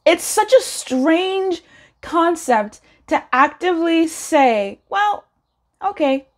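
A woman giving a casual pick-a-card tarot reading, chatty and encouraging, laughing often and rising in pitch when animated. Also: slow pace. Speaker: tarot reader.

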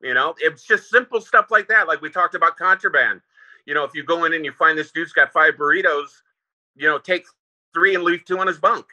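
A man, a former prison lieutenant, telling stories in a relaxed interview, rambling with restarts and fillers. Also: on the high side, a little fast, low-quality recording. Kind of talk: casual interview storytelling.

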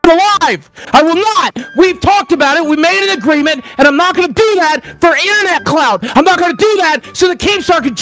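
A distraught man shouts and swears in a heated livestream argument, repeating the same lines again and again. His voice is very high and bright, with faint music playing behind him. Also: lively intonation, brisk, few pauses. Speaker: livestream guest.

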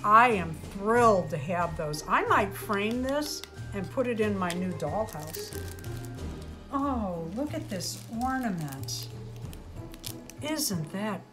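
Woman doll-channel host, slow and gushing, unboxing chat; echoey room, faint music bed. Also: medium pitch, sing-song. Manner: gushing, exclaims over each gift.

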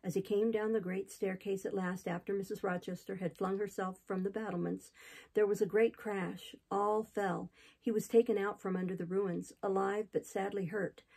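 A woman's voice: medium pitch, fairly even intonation, moderate pace, gravelly, darkish tone, slightly rough, poor audio. A woman reader voicing a talkative, gossipy older male innkeeper who tells a long tale in a rambling, chatty way, for a classic novel audiobook.

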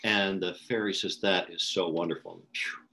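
A man's voice: low-pitched, steady tone, moderate pace, gravelly, sharp tone, poor audio. An older man emceeing a virtual gala, telling wry jokes in easy banter over a video call. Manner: wry joke-teller. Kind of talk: joking banter.

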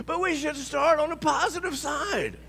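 A male pastor preaching a sermon, telling a story with lots of chuckles and shouting out bold declarations. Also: very high-pitched, vocal fry, in a large hall.

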